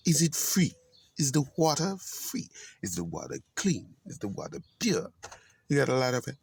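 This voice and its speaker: A man's voice: medium pitch, very animated, normal speed, vocal fry, a little mellow, husky. A man rambling about faith outdoors in a garden, preachy with playful asides. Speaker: spiritual vlogger. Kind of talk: rambling casual spiritual musing.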